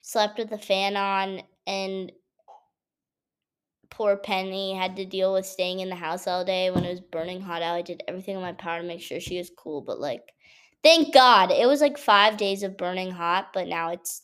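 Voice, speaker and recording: A woman's voice: on the low side, normal speed, clean tone. A young woman, a college student, chatting casually to the camera in a vlog, telling stories with lots of fillers. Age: young adult. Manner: chatty, animated storytelling with frequent fillers. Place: at home.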